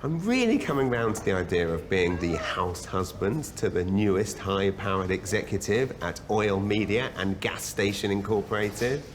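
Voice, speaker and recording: An actor playing a polite, jokey ex-comedian from London, with a London English accent. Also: male voice, on the low side, lively intonation, normal speed, hardly any pauses, slight background noise, close to an everyday voice. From England. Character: charming British man, a retired comedian. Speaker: comedian turned house husband.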